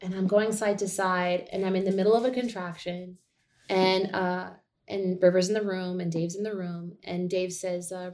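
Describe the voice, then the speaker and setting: As a guest on a podcast, an adult mother of two casually shares the story of giving birth, her speech full of "like" and "you know." She speaks at normal speed in a lowish, level, slightly mellow voice.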